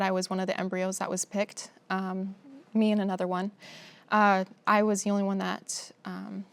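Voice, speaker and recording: A young woman telling her own story as a guest, emotional and halting, with many pauses and fillers. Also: mid-range voice, vocal fry. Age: young adult. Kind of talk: personal testimony in a sit-down conversation.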